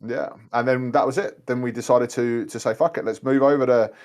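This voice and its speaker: A man's voice: medium pitch, fairly even intonation, brisk, a little mellow. A man in his thirties with a London accent, chatting casually as a guest poker player in a loose, rambling way. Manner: laid-back, rambling, says "mate" a lot. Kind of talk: casual chat during an online game.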